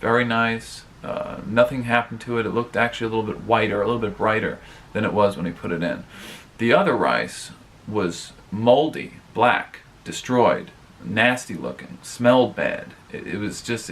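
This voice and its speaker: A man's voice: fairly low pitch, lively intonation, normal speed, a bit bright, slight background noise. A man hosting his own advice vlog, talking casually and rambling, with lots of fillers and frequent asides to his viewers. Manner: rambling, filler-heavy, addresses viewers directly. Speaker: vlogger host.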